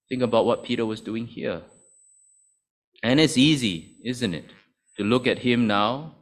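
A man's voice: medium pitch, measured pace, pauses often. A man preaching a sermon in a conversational, explanatory way with many asides.

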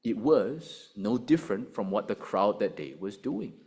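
A man preaching a sermon, addressing his listeners directly with an animated delivery. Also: unhurried, slightly rough. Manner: animated preaching, rising and dropping in pitch and volume.

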